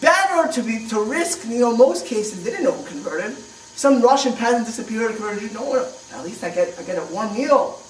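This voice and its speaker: A man's voice: extremely high pitch, expressive, normal speed. A man gives a classroom history lecture, talking in a loose, conversational way full of restarts and questions to the room. He sounds roomy and set back from the microphone, with faint noise behind him. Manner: conversational, repeats and restarts, asks rhetorical questions. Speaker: rabbi lecturer. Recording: echoey room, mic far off, faint noise.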